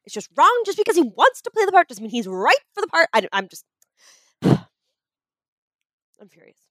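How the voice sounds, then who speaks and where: A woman's voice: high voice, sing-song, fast talker, pushed and bright, no echo. A woman co-hosting a casual podcast, ranting in exasperation and swearing freely. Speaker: podcast co-host.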